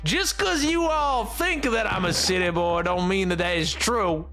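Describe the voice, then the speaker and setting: A man's voice: sits high, a little slow, pushed and bright, soft background music, full character voice. A man on a game stream voicing a folksy country boy in an exaggerated, fake Southern drawl. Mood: folksy, defensive. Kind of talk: joking accent bit on a game stream.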